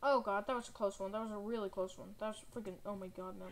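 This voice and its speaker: A woman giving excitable, melodramatic let's-play commentary while calling out to a teammate. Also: medium pitch, quick pace, heavy background noise. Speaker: gaming channel host.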